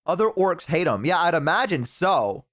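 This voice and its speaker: Excitable man reacting on stream. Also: fairly high pitch, normal speed. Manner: incredulous, exclaiming, swearing. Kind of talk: casual reaction chat.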